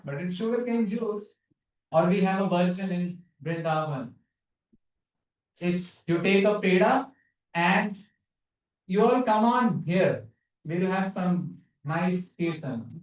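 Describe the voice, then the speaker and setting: Recorded far from the mic in a very echoey hall, a man preaches a devotional lecture in a high voice with a darkish tone. He explains through questions to his audience and sings Hindi verses along the way.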